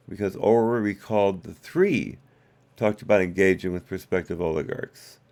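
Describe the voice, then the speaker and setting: A man's voice: low voice, creaky, darkish tone. A man hosting a live stream, reading documents aloud and breaking off for wry asides and corrections to his chat.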